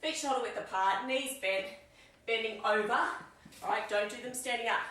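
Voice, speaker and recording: A woman's voice: fairly high pitch, normal speed, bright, forceful tone. Upbeat woman coaching a workout. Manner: upbeat, encouraging, cueing reps and breathing. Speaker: fitness instructor. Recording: echoey room, mic at a distance.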